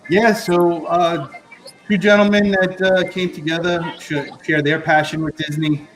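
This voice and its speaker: A man from Florida, a guest food correspondent on a live stream, rambles casually through dishes as he eats, his speech heavy with ums and uhs. His pitch is fairly high and his tone fairly bright, with fairly even intonation at a measured pace. The audio is poor, with soft background music.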